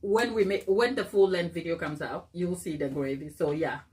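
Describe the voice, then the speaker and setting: A woman's voice: lowish voice, moderate pace, darkish tone. A woman hosting a casual baking live stream, thinking aloud as she works, reading viewer comments and laughing often. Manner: thinks aloud while working.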